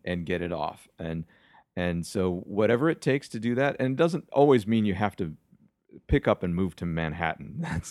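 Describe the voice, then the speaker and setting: A man who is a guest on a podcast in a music studio, speaking reflectively and haltingly, with many restarts. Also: low voice, darkish tone, dry recording. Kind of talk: casual interview chat.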